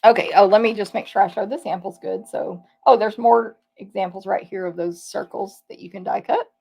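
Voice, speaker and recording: A woman demonstrates papercraft products on a casual live tour, talking fairly quickly in a steady, mid-range voice that's husky, darkish, and full of vocal fry. She's chatty, thinking out loud and fixing her own slips.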